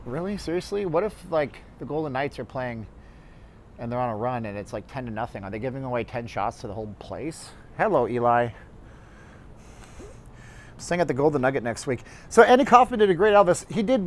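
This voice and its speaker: A man with a fairly high-pitched voice hosts a casual livestream while walking along a city street outdoors, rambling and chatting with his viewers. There is slight background noise.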